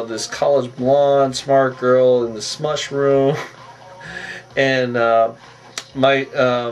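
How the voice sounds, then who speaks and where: A man's voice: medium pitch, gravelly, poor audio. Rambling man recapping a TV episode. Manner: rambling, repeats the tic "on that", chuckles often. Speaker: recap host.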